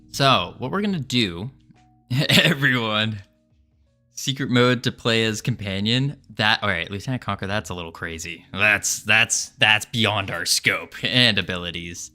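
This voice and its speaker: A man with a lower, bright and forceful voice chats slowly and playfully on a livestream. He jokes with viewers and laughs often, with faint music playing behind him. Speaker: game developer streamer. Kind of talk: casual livestream chat.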